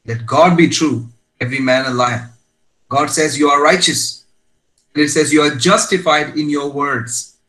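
A man's voice: a little high, fairly even intonation, moderate pace, pushed and bright, low-quality recording. A man preaching a sermon as pastor, emphatic and storytelling, with rising exclamations.

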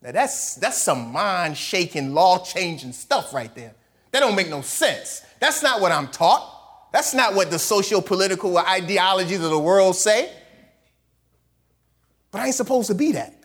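A man's voice: high-pitched, slightly rough. A man preaching a sermon, reading scripture aloud and acting out the quotes, with casual, colloquial phrasing. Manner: animated preaching, reads scripture aloud, acts out quotes in voices. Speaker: pastor.

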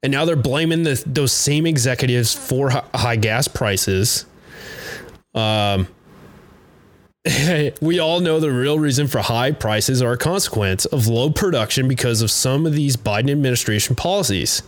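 A man with a mid-pitched voice, ranting on his own podcast. He talks loosely, swears a lot and breaks off into fillers and restarts. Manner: loose, profane and halting, with many fillers and restarts. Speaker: podcast host. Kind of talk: profane political rant.

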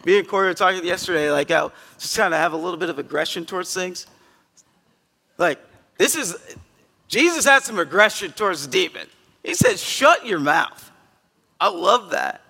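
A male pastor giving a conversational sermon in a church, earnest and emphatic, with sudden loud bursts. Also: high-pitched, expressive, a little fast, vocal fry, big-room sound. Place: church sanctuary.

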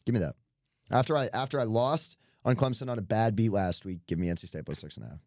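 Young man, very low voice, dry close sound, casual sports betting chat, joking. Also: darkish tone, no echo. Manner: loose, joking, quick asides. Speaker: podcast co-host.

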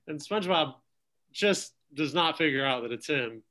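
A man's voice: fairly high pitch, sharp tone. A man casually recapping a cartoon episode with friends, laughing often as he talks. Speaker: podcast co-host. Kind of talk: casual chat.

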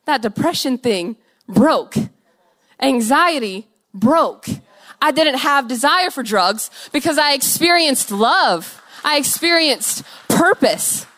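High-voiced young woman giving an emotional testimony. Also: lively intonation, takes it slowly. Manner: earnest and emotional, swings between soft and loud; laughs between phrases.

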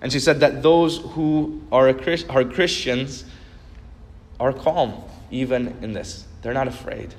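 A man's voice: medium pitch, a little slow. Earnest preaching man in reverberant hall. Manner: earnest storytelling preacher, building to emphatic repetition. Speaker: pastor. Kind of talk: sermon. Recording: long reverb of a large hall.

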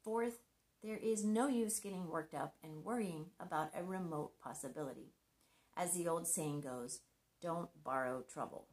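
A woman's voice: on the low side, unhurried. Woman giving an earnest devotional talk. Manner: earnest and conversational, with gentle humor. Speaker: Christian marriage speaker.

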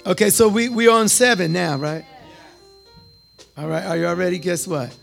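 A man preaching a sermon, calling out to the congregation and repeating lines, moving from loud cries to hushed tones. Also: high-pitched, huge pitch swings, a little slow, creaky, faint music behind, a faint crowd. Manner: call-and-response, repetitive, swings from loud to hushed.

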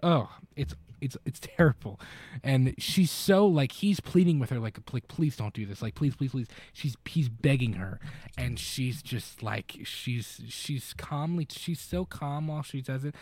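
A man with a mid-range, somewhat dark voice co-hosts a podcast, recapping a film in a loose, rambling way full of fillers and restarts. He sounds expressive and unhurried, and the recording has no echo.

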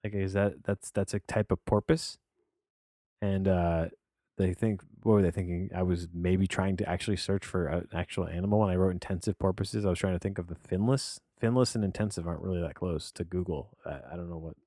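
A man's voice: low-pitched, fairly even intonation, a little fast, mellow, dry recording, clean studio sound. A man hosting a podcast, rambling through a casual film review with many restarts and fillers. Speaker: podcast host reviewing films.

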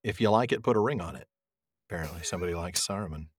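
A man's voice: deep voice, racing, husky. A man hosting a book podcast, chatting casually and joking, laughing often. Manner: jokey, animated, laughs often. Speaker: podcast host reading the book. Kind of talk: casual chat.

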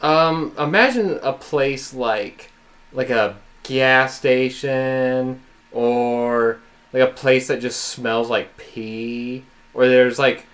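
A man's voice: mid-range voice, very slow, fairly bright tone. A man from Oklahoma with an Oklahoman accent, hosting a podcast in casual, crude banter full of fillers. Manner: rambling, crude joking, lots of fillers. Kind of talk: casual chat.

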